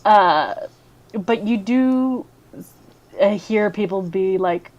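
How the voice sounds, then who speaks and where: A woman narrating as game master of a tabletop role-playing game, giggly and lively. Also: medium pitch, takes it slowly, low-quality recording.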